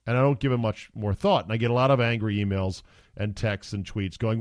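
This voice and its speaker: A man's voice: fairly low pitch, fairly even intonation, a little fast, dry recording, studio quality. A middle-aged man hosting a sports talk show, blunt and opinionated, talking casually and with animation. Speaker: podcast host.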